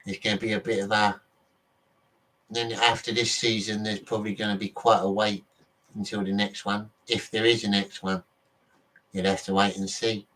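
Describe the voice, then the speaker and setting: A man's voice: on the low side, level tone, normal speed, a bit bright, recorded from a distance, rough recording. Rambling man talking off-mic. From Britain. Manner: rambling, self-correcting, swears casually. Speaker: vlogger. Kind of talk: casual rambling monologue.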